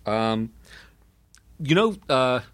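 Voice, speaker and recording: A man's voice: medium pitch, big pitch swings, drawn-out words. A British man talking as a guest in a casual conversation, rambling with frequent restarts and self-deprecating humor. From Britain.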